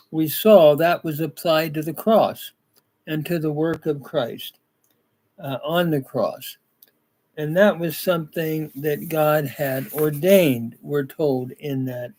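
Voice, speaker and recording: An older man teaching a scripture reading and grammar lesson in a slow, halting way with frequent fillers. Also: on the high side, a little mellow. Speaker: Bible teacher.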